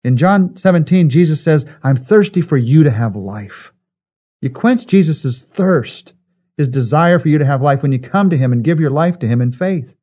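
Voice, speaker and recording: A man's voice: a little high, animated, moderate pace, mellow. A man preaching a sermon in an earnest way, building his points through repetition. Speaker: pastor.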